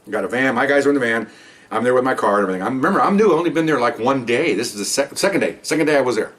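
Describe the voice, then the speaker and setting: A man's voice: medium pitch, rapid-fire, far from the mic. An older man, a retired police supervisor, telling his own stories in a podcast, acting out dialogue and tossing in rhetorical questions. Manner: animated storyteller who acts out dialogue and asks rhetorical questions. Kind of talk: podcast storytelling.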